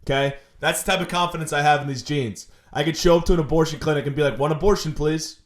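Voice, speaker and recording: A man's voice: a little high, fast. A young man hosting a podcast, delivering a crude, sarcastic, rambling comedic monologue. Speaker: podcast host.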